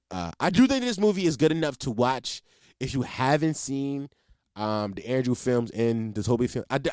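A man's voice: mid-range voice, darkish tone, dry recording, studio quality. A man hosting a podcast, chatting casually about a movie in a loose, emphatic way full of fillers and swearing. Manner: loose and emphatic, heavy on "like" and profanity. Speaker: podcast host. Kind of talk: casual movie review chat.

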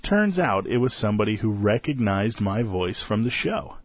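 A man's voice: on the low side, big pitch swings, moderate pace, no echo, highs cut off. A tired man hosting a podcast, recapping a convention in a rambling, self-deprecating way and laughing often. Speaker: podcast host.

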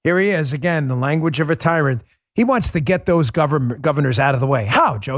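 Man, podcast host, heated sarcastic monologue, raised pitch, dry close mic. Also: expressive, fairly quick, no room sound. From New York City. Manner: combative, sarcastic, rising to shouts.

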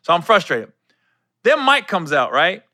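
A man hosting a podcast and telling a backstage story as a comedian, laughing often, swearing casually and acting out voices with sudden pitch jumps. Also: sing-song, a little slow, bright, forceful tone, no room sound, clean studio sound. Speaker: stand-up comedian and podcast host. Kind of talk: animated storytelling chat.

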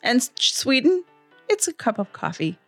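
A woman's voice: fairly high pitch, big pitch swings, normal speed, a bit bright, faint music behind. A woman in her thirties co-hosting a podcast, chatting casually and reading out fun facts with frequent laughs. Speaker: podcast co-host. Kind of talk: casual chat.

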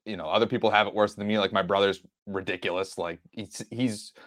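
Low-voiced man with a Boston accent. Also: steady tone, a little fast, fairly bright tone, dry recording, clean studio sound. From Boston area, USA. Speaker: podcast co-host. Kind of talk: casual chat.

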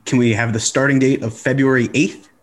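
A man's voice: mid-range voice, little pitch movement, fairly quick. A man co-hosting a casual sports podcast, skeptical, asking his partner for numbers. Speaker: podcast co-host.

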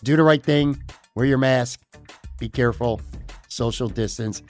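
A man wraps up his podcast in a chatty, upbeat way, circling back to the same points. His voice sits at a middle pitch, and faint music plays quietly behind him. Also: a little slow. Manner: upbeat, chatty, repeats himself. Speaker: podcast host. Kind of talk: casual podcast outro.

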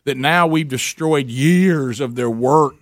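A middle-aged man with a Southern US accent hosting a radio show, joking and animated, laughing often. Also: medium pitch, slow, no room sound, studio quality. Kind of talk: casual banter on a morning radio show.

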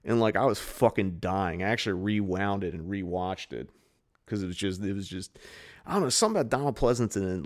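A man co-hosting a podcast in casual, rambling chat, swearing freely. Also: on the low side. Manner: loose, rambling, swears a lot. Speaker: podcast co-host.

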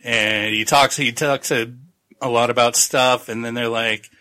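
A podcast host with a bright, forceful voice rambles through a book summary. He jokes, swears casually and chats in a loose, friendly tone. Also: mid-range voice, steady tone, measured pace, clean tone. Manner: rambling, jokey recap full of laughs and profanity. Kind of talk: casual book-club chat.

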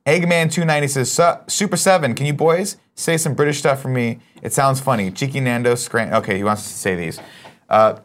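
Brash, swearing male host working through chat on a live show, mid-pitched, loose and jokey. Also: a little fast. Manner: brash, profane, joking. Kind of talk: casual live-stream chat.

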